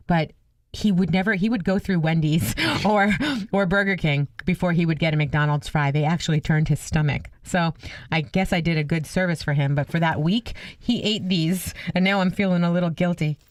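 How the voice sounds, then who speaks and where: A middle-aged woman co-hosting a casual radio chat, her voice sitting a little low for a woman. She is expressive and exclaims often as she tells her stories. The studio sound is dry and close. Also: normal speed, dry recording. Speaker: radio show co-host.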